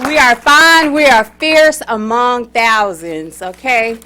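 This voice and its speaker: Lively woman giving a humorous speech. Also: sits high, slow, a faint crowd, slight background noise. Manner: lively, talks straight to the audience and gets them to answer; laughs between lines. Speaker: contest speaker.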